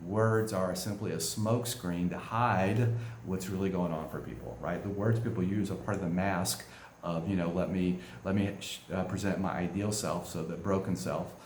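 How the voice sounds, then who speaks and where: A male coach giving a relaxed spoken lesson, often checking in with "right?" as he goes. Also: low voice, normal speed, roomy sound, a little hiss or hum. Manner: conversational, keeps asking "right?". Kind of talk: spoken teaching talk.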